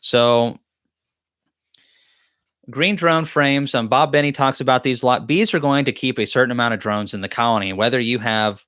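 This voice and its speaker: A man's voice: medium pitch, pushed and bright, clear, resonant tone, no room sound, clean studio sound. A man hosts a live-stream Q&A, reading chat questions aloud and answering them in a joking, rambling, self-deprecating way. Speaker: beekeeping channel host.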